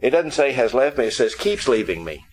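A man's voice: mid-range voice, very animated, a little fast, poor audio. A man preaching a sermon who explains scripture through humorous storytelling.

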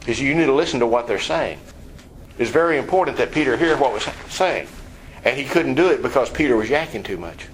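A man's voice: animated, fairly quick, slight background noise, poor audio. Conversational man preaching a sermon. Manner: conversational preaching, rhetorical questions, dropping low and quiet for emphasis. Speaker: pastor.

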